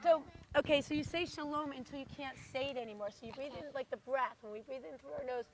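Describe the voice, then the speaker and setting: A woman with a hoarse voice leading a children's yoga class outdoors in a park, encouraging the kids and asking them questions. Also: sits high, steady tone, fast, recorded from a distance, low-quality recording. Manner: encouraging, leads by example, asks the children questions. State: losing her voice, hoarse. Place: outdoors in a large city park.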